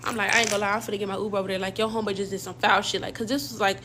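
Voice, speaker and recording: A woman's voice: medium pitch, flat delivery, racing, pushed and bright, a little hiss or hum. A young woman casually telling a personal story in slang, acting out quoted dialogue as she goes. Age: young adult.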